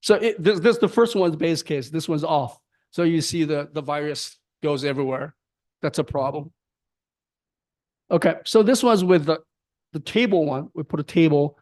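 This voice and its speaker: A man giving an academic lecture on his research, speaking haltingly with restarts and frequent tag questions. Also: on the high side, animated, a little mellow. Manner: halting, repeats words, frequent "right?". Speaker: guest lecturer.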